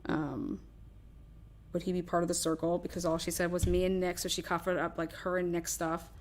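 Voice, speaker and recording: A woman's voice: on the low side, level tone, brisk, darkish tone. A woman hosting a true crime show, talking through her theory in a rambling, casual way, swearing often and acting out what others might have said.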